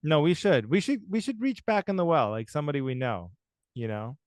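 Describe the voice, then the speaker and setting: A man's voice: a little high, animated, fairly quick, a little mellow, no room sound. A man co-hosting a podcast, chatting casually in a wry, rambling, self-deprecating way. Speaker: podcast co-host. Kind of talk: casual chat.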